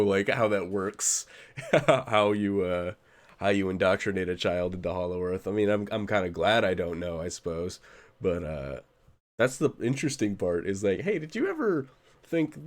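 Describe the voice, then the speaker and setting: A man's voice: on the low side, very animated, normal speed. Wry laughing man reacting on stream. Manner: laughs often, wry and sarcastic asides. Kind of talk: casual reaction commentary.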